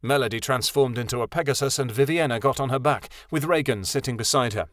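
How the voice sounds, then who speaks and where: Steady male audiobook narrator. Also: medium pitch, fast talker, no room sound, clean studio sound. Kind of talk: scripted narration.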